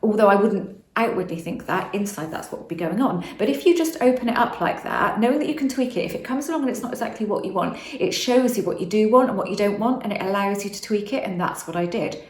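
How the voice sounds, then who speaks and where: A woman's voice: medium pitch, animated, fast, hardly any pauses, roomy sound. A woman from the West Country of England with a slight West Country accent, talking frankly in a casual monologue and laughing often. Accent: slight West Country English. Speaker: author and vlogger.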